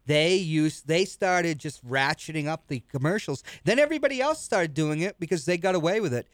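A man's voice: fairly high pitch, lively intonation, fairly quick, no echo. An older man from New York on a casual talk show, rambling through knowledgeable stories and slipping in dry jokes. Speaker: show regular, trivia expert.

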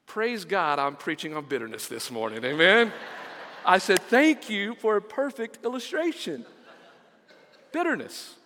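A man's voice: high-pitched, sing-song, unhurried, bright, forceful tone, big-room sound, slight background noise. A middle-aged man, preaching a sermon as pastor, telling stories and repeating words for emphasis.

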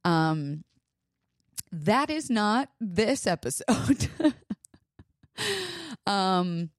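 A young woman hosting a podcast, talking in a halting, emotional way while she holds back tears, with many pauses and fillers. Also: medium pitch, very animated, no echo, studio quality. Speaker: podcast host. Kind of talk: personal monologue.

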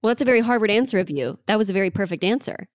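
Fast-talking female podcast host. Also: mid-range voice, animated, no room sound, clean studio sound. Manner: encouraging, chatty questioner. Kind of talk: conversational podcast interview.

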